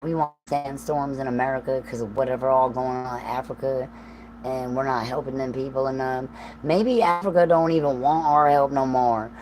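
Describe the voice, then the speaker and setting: A woman's voice: rumbling low, fairly even intonation, normal speed, darkish tone, a little hiss or hum, rough recording. A woman with a Southern US accent hosting a livestream, rambling in a profane, stream-of-consciousness monologue with laughing asides. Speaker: livestream host.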